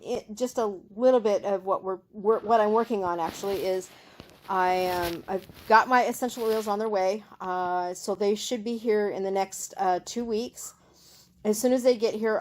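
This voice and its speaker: An older retired woman chatting in a rambling way in a casual home vlog, filmed on a handheld phone in her living room. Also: mid-range voice. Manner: chatty, rambling, with many fillers and restarts. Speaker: home crafter and small-business owner. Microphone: handheld phone camera.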